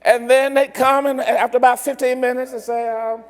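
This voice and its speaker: A pastor preaching a sermon, stumbling and restarting often and acting out little dialogues. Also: male voice, very high voice, little pitch movement, a little fast. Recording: long hall reverb.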